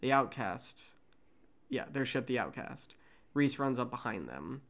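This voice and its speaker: A man's voice: medium pitch, very animated, measured pace, a bit bright. A man co-hosting a casual read-through of a fan script, reading the stage directions and joking along the way.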